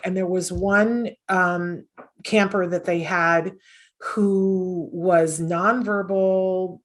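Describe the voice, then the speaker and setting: A middle-aged woman talking earnestly as an interview guest, with many fillers and restarts. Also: medium pitch. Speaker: podcast host and autism mom, guest. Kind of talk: conversational interview storytelling.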